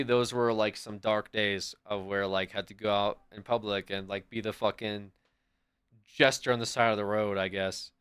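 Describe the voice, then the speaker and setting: A man livestreaming and chatting casually with his viewers in a rambling, profane, animated way. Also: mid-range voice, clear, resonant tone.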